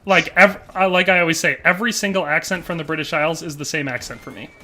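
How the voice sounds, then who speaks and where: A male streamer chatting casually while he plays, reading out viewer comments and wandering into joking stories. His voice is bright and forceful and sits a little high. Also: fairly even intonation, fast talker. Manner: joking, rambling storyteller. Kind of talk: casual chat while gaming.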